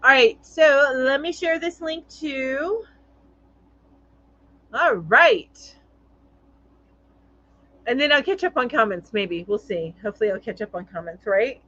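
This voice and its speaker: A woman's voice: high voice, fairly bright tone, lo-fi sound. A woman hosting a casual live-stream chat, reading viewer comments aloud in a chatty way with lots of fillers.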